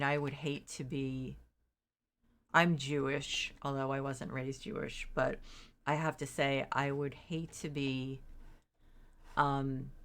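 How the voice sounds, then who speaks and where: Low-voiced woman chatting casually on stream. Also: a bit bright. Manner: rambling, self-interrupting, quotes herself in exaggerated disbelief. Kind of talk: casual chat while gaming.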